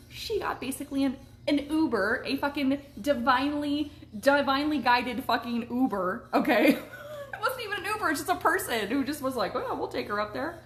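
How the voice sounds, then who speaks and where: A woman livestreaming a casual story, animated, laughing often and swearing freely. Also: sits high, slight background noise. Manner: eating while talking. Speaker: manifestation coach and vlogger.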